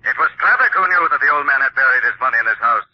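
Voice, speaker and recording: An actor playing an invisible male avenger in a 1940s radio drama, calm, measured and mockingly authoritative. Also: medium pitch, no room sound, natural voice. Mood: commanding. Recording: dry, dull old radio broadcast.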